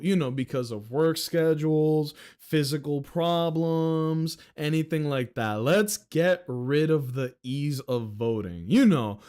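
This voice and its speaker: A man's voice: medium pitch, a little mellow. A young man from the Philadelphia area ranting sarcastically on a livestream at a desk mic, profane and exasperated.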